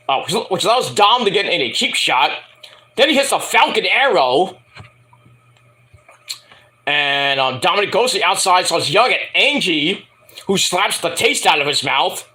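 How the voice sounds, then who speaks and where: A high-voiced man talks through a wrestling match in a casual, chatty recap. His pitch swings all over as he goes, and he swears freely. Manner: animated, profane, chatty. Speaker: wrestling show reviewer.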